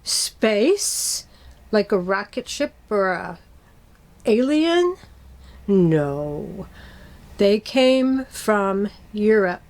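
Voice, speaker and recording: A middle-aged woman telling a story to children, gentle and patient, asking them questions as she goes. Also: mid-range voice, animated, very slow.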